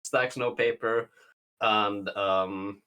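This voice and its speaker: A man's voice: fairly low pitch, fairly even intonation, bright, forceful tone, clear, resonant tone. A man co-hosting a casual commentary stream, talking crudely with lots of swearing and hesitation. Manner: crude, halting, many fillers and swearing. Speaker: co-host.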